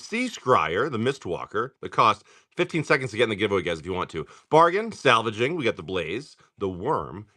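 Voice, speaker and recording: A man hosting a live card-break stream, just woken up and clearing his throat, chatting in a rambling way while rattling off card names. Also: medium pitch, bright, forceful tone. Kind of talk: casual livestream chatter.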